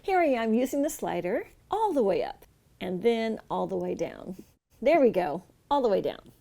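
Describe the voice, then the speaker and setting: A product reviewer shows off a webcam in an upbeat, enthusiastic demo, recorded outdoors in a garden through the computer's webcam mic. Her voice sits on the high side with big swings in pitch, a gravelly texture and a dark tone, delivered at normal speed with no echo.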